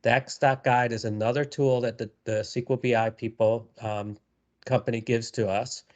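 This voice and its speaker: A man presenting a live software tutorial, talking casually with many fillers and repeated words. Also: medium pitch, fairly even intonation, normal speed.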